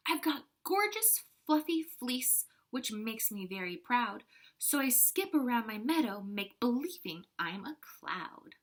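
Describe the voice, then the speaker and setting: A woman's voice: on the high side, big pitch swings, measured pace. A woman voicing a proud, dreamy fluffy sheep in a storybook read-aloud.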